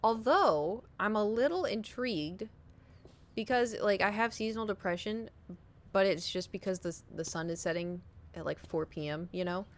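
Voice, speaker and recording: A young adult woman streamer telling a story in casual chat with her viewers, animated and giggly, swearing casually. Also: mid-range voice, moderate pace.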